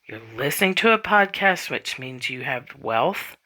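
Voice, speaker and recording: A woman's voice: low-pitched, sing-song, measured pace, pushed and bright. A woman hosting a spiritual self-help podcast, talking casually and bluntly, swearing freely and acting out inner voices. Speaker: podcast host.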